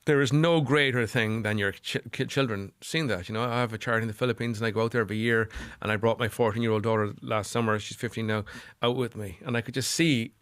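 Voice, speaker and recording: A man's voice: medium pitch, steady tone, quick pace, fairly bright tone, clean tone, dry recording, studio quality. A middle-aged Irish man speaking as a psychotherapist guest on a podcast, earnest and repeating phrases for emphasis. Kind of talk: podcast interview.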